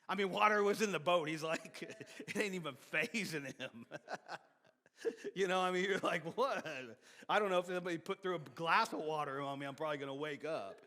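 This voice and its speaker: A man preaching a sermon as pastor, animated, with sudden shouts and soft drops, often repeating and restarting words. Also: on the high side, a little fast. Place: church sanctuary. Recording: long hall reverb of a church sanctuary.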